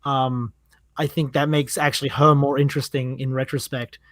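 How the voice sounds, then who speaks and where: A man's voice: medium pitch, level tone, normal speed, fairly bright tone, no room sound, studio quality. A man talking casually as a podcast guest, rambling with plenty of fillers and enthusiasm.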